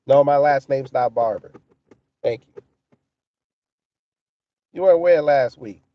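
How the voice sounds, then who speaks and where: In a muffled, dry recording, a man with a medium-pitched voice hosts a casual livestream at an unhurried pace. He answers his chat with profane, mocking commentary.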